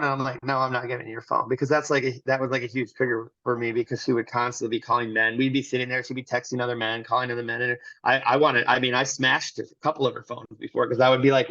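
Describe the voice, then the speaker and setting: A man's voice: mid-range voice, steady tone, fast, few pauses, sharp tone, no room sound, muffled recording. A man as an interview guest, candidly telling a personal story in a rambling way with many restarts. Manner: rambling, restarts often, acts out quotes.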